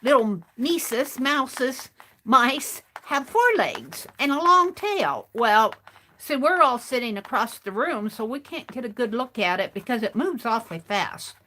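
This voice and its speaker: A woman hosts a craft stream and tells a meandering story in a relaxed, chatty manner. Her voice sits a little high and moves freely up and down in pitch. She often doubles back and restarts her sentences as she goes. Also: a little slow. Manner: rambling, chatty, restarts phrases. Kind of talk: casual storytelling while crafting.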